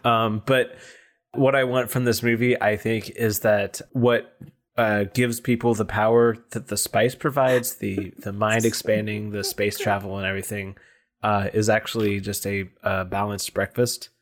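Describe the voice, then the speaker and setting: A man's voice: on the low side, little pitch movement, unhurried. A man chatting casually on a comedy podcast, rambling and self-mocking, laughing often.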